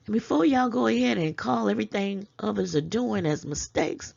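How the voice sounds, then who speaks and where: Her voice is mid-range, expressive and creaky with a darkish tone, delivered at a normal speed over lo-fi sound. She hosts her own commentary channel and, in a casual vlog, lectures viewers with rhetorical questions, chuckling as she goes. The manner is preachy and scolding.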